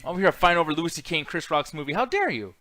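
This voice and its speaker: A man's voice: on the high side, very animated, very fast, pushed and bright, no echo. An American man hosting a podcast, rambling in casual chat with lots of swearing and fillers. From United States. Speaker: podcast host.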